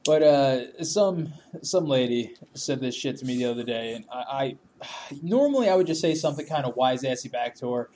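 A man's voice: mid-range voice, expressive, moderate pace, dark tone, a little hiss or hum. A man chatting casually as podcast co-host, ranting profanely and laughing often. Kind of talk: casual chat.

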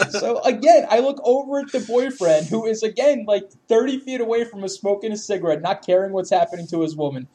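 A man's voice: high-pitched, animated, brisk, few pauses, a little mellow, slight background noise. Laughing man telling a wild story. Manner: laughs often, swears freely, acts out quotes. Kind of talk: casual storytelling.

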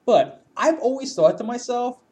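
A man's voice: extremely high pitch, animated, normal speed, mellow. A man telling a story in casual chat, laughing often, swearing freely and acting out what people said.

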